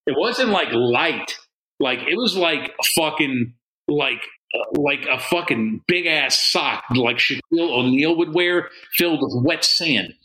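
A man telling a crude story on a podcast, swearing constantly and jumping into loud quoted voices. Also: fairly high pitch, a little slow. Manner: profane, animated, swings into loud quoted voices. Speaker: podcast co-host. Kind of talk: casual storytelling. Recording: roomy echo.

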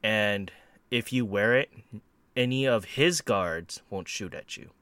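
A man chatting casually about a video game, excitable and laughing often, tripping over his words. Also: on the low side, takes it slowly, clean tone, dry recording. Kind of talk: casual gaming chat.

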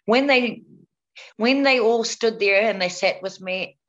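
A woman's voice: a little high, a little slow, fairly bright tone. Candid New woman, slightly muffled. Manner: frank and candid, repeats words as she goes. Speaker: interview guest, breast cancer survivor. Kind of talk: personal storytelling in conversation.

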